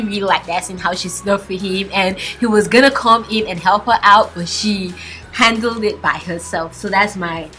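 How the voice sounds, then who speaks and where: Young woman fangirling over a drama, giggly, squeals a lot, some faint music under it. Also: fairly bright tone. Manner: gushing, giggly, bursts into high squeals. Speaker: drama review vlogger. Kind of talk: excited casual drama review.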